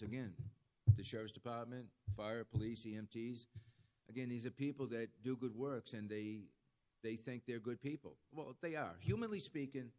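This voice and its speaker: Jail-ministry preacher, man, mid-pitched, folksy storyteller who keeps asking for amens. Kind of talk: conversational sermon.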